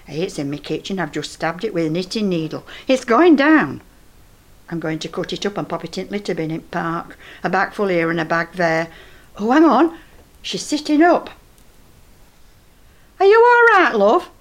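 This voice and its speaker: Chatty older Northern English woman, lively. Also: on the low side, brisk. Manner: chatty, gossipy and flustered. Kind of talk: comic character monologue.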